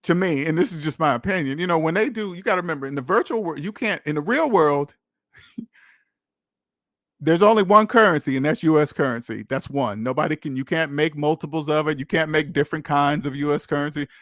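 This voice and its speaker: A man's voice: on the high side, brisk, fairly bright tone, dry recording, clean studio sound. A man hosting a call-in money advice show, talking bluntly and preaching straight at his listeners in casual speech. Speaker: podcast host giving money advice.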